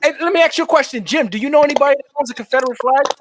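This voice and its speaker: A man's voice: very high-pitched, rapid-fire. A man with a New York accent hosting a call-in livestream show, teasing his callers in a casual way and often restarting his words.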